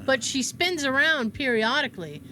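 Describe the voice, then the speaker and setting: A woman in her thirties co-hosts a casual podcast, telling a story and animatedly acting out the quoted dialogue. Her voice sits high at a normal speed, with a slight hiss or hum in the background.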